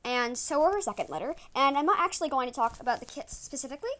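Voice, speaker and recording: A woman's voice: high-pitched, lively intonation, very fast, bright, forceful tone. A woman hosting a casual podcast, stumbling over words and laughing at her own slips. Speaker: podcast host. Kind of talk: casual podcast talk with bloopers.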